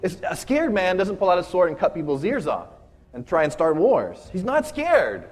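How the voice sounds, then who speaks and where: A male preacher tells a story in a casual, chatty sermon. His voice is husky and sits fairly high, and he keeps asking the listeners "right?". Soft music plays faintly behind him. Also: very animated, moderate pace.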